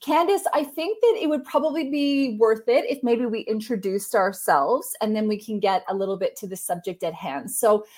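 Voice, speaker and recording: A woman's voice: a little high, a little mellow. A woman hosting a spiritual podcast, chatting in an upbeat, talkative way. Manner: chatty, upbeat, quick laughs. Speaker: podcast host. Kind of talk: casual podcast chat.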